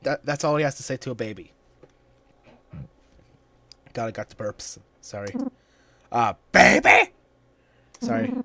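A man giving casual gameplay commentary at home, reacting out loud, swearing, and reading the game's lines aloud. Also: medium pitch, normal speed, long pauses. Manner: reactive, swears, reads game dialogue aloud. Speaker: let's play gamer. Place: home room. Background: game music.

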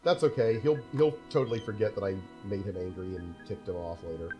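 A woman's voice: rumbling low, animated, fairly quick, warm tone, lo-fi sound, soft background music. A woman playing a video game and chatting, laughing often. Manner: giggly and chatty. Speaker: lead player. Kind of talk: let's play commentary.

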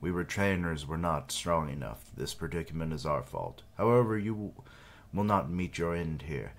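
A man's voice: a bass voice, lively intonation, normal speed. A man reading out the lines of a loyal male soldier retainer, earnest and formal. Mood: solemn. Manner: earnest, formal speech read aloud.

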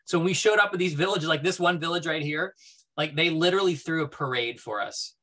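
A man with a bright, forceful voice tells stories to an audience with plenty of enthusiasm. He talks loosely and casually, leaning on "like" and "you know." He sounds like he is on a video call. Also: a little high, fairly quick. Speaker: guest speaker. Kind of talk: casual presentation talk.

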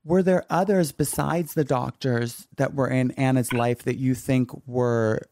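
A man's voice: medium pitch, fairly even intonation, unhurried, a little mellow, no room sound, studio quality. A man co-hosting a podcast, asking earnest follow-up questions in a conversational way. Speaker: podcast co-host. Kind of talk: casual interview chat.

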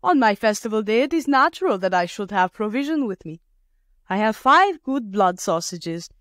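A woman voicing a peasant woman who is calm and shrewd and speaks in a matter-of-fact way while she haggles. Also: medium pitch, moderate pace, no room sound, clean studio sound.

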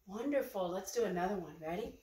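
A woman's voice: medium pitch, expressive, quick pace, dark tone. An older woman leading small children through a farm-animal sing-along, asking patient, coaxing questions. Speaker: guest reading to children. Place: library. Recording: echoey room, far from the mic.

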